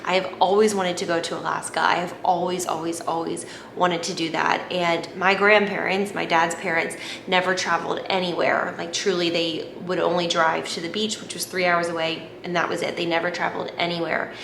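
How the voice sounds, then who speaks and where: A woman, chatting to camera in a gushing vlog, repeating herself when excited. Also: lowish voice, a little fast, vocal fry, few pauses. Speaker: vlogger. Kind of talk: casual chat to camera. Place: home at night. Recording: echoey room, faint background noise.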